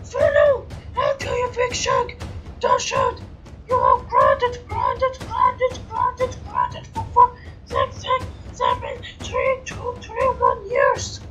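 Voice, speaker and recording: A woman's voice: very high-pitched, wildly swooping pitch, slow, fairly bright tone, soft background music, exaggerated voice. A text-to-speech woman's voice playing a furious caretaker who screeches as she rants. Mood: enraged. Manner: screeching, ranting.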